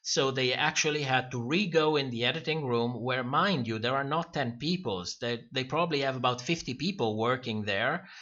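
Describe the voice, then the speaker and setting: A man's voice: medium pitch, moderate pace, few pauses, pushed and bright. Chatty man hosting a livestream, lo-fi sound. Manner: chatty, rambling, laughs often, many restarts. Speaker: livestream host. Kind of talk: casual livestream chat reading comments.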